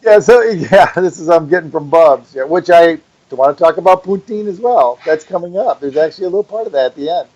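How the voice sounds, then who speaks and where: Rambling high-voiced Wisconsin man. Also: fairly quick, hardly any pauses, lo-fi sound. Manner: rambling, animated, acts out voices in his story. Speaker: podcast co-host. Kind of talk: casual ranting chat.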